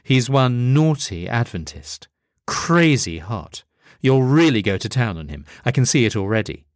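A man's voice: medium pitch, big pitch swings, measured pace, no room sound, studio quality. A man reading the part of a male demon underling who is crude, sly and eager to please.

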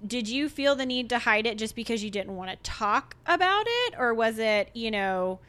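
Bright-voiced chatty woman podcast host. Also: on the high side, lively intonation, normal speed, smooth. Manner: chatty, laughs often, frequent fillers. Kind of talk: casual podcast interview.

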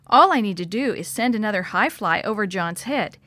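A woman voicing a mother in a children's story, speaking in breathless, rasping gasps. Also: medium pitch, expressive, a little fast, a bit bright, dry recording, natural voice. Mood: teasing. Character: playful mother turned terrified.

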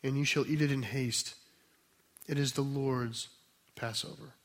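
A man preaching a sermon, explaining scripture in a conversational way, then reading a passage aloud slowly and softly. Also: mid-range voice, fairly even intonation. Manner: conversational teaching with restarts, slow and soft when reading scripture.

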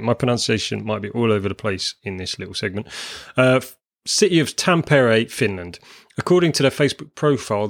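A man's voice: medium pitch, fairly bright tone. A man co-hosting a music podcast, chatting in a rambling, self-deprecating way. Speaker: podcast co-host. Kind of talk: casual chat about music.

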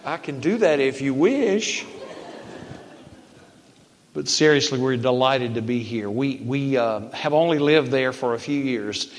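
A man's voice: medium pitch, lively intonation, unhurried, a little hiss or hum. An older man with a Southern American accent, preaching as a visiting Baptist minister, folksy and joking with emphatic bursts. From Southern United States. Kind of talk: sermon with humorous asides. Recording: echoey church hall.

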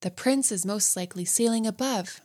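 A woman's voice: medium pitch, normal speed, a little mellow, natural voice. A woman voicing a young mermaid princess who speaks in a trembling but brave way in a storybook reading. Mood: wistful.

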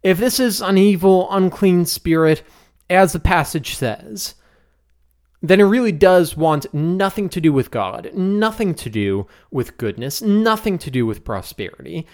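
Higher-voiced man teaching the Bible casually. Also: expressive, a little slow, a little mellow. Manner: conversational, with occasional chuckles.

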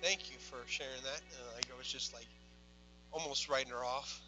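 A young man preaching a sermon, telling a personal story quietly, then building to loud, impassioned preaching. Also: mid-range voice, fairly even intonation, normal speed, music in the background, poor audio.

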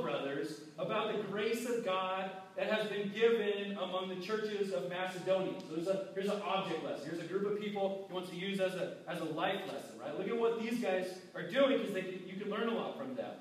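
A man preaching a sermon as pastor, talking casually and acting out quoted people. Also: sits high. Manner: conversational preaching, acts out quotes. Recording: echoey hall from far off.

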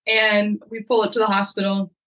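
A young woman with a bright, forward voice, sharing a story in a relaxed and chatty way. She keeps things lively and plays out other people's dialogue as she talks. Her voice sits at an average pitch for a woman. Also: moderate pace, rough recording. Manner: lively, acts out quoted dialogue. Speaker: podcast guest. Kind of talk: casual storytelling.

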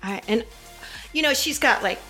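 A woman's voice: on the high side, moderate pace, faint music behind. A middle-aged woman, a flight attendant guest, telling stories in casual chat and laughing often. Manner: giggly, animated storyteller who laughs often.

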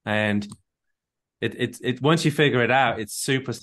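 In a recorded live call, a man coaching relationships speaks at a normal pace in a mid-range, fairly bright voice. Earnest throughout, he repeats words while thinking and plays out sample dialogues as he helps the caller.

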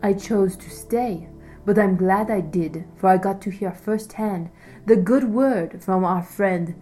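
A woman's voice: medium pitch, slow, warm tone, soft background music, natural voice. A woman voicing a smug little male captain with a thin, articulate voice in a storybook reading.

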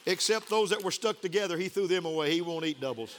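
Older preacher with a high voice. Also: male voice, fast talker, hardly any pauses, a faint crowd, slight background noise. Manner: emotional, building to excited shouts. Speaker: pastor. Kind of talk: sermon.

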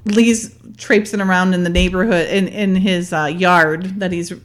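A woman's voice: fairly low pitch, steady tone, a little slow. A woman in casual chat with friends, talking over an episode, laughing often and acting out the characters' lines. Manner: chatty, laughs often, acts out quoted lines. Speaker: co-host.

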